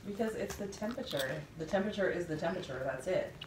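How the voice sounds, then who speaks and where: A woman's voice: fairly low pitch, lively intonation, fast. A middle-aged woman, the vlogger's mother, making dry, teasing remarks off camera. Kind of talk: casual chat off camera. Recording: loud background noise, off mic.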